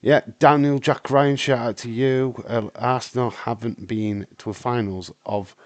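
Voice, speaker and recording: A man, hoarse with a breaking voice, hosting a live stream in a casual, rambling chat while answering viewer comments. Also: medium pitch, steady tone, a little slow, no room sound. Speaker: wrestling stream host.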